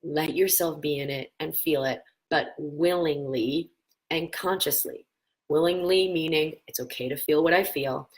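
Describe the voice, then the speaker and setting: A woman in her thirties with a slightly low voice hosts a spiritual wellness show. She coaches viewers in an earnest, encouraging way. When she tells a story, she acts out the voices of the people in it. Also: low-quality recording.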